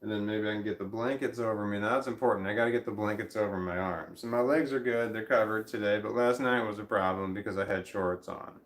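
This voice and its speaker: A tired, high man rambling casually in a vlog, talking drowsily with a slight slur while lying down at home. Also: quick pace, hardly any pauses, reverberant. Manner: drowsy, rambling, laughs to himself. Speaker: vlogger.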